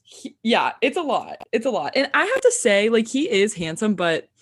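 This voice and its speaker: A woman's voice: a little high, very animated, normal speed, a little hiss or hum. A young woman co-hosting a podcast in casual chat, giggling and filling her sentences with "like". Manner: giggly, lots of "like" fillers. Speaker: podcast co-host.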